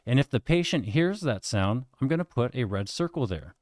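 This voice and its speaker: Man explaining clearly, dry close sound. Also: mid-range voice, sing-song, moderate pace, a little mellow, dry recording. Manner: friendly, plain teaching tone in layman's terms. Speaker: host explaining hearing tests. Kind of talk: casual explainer video.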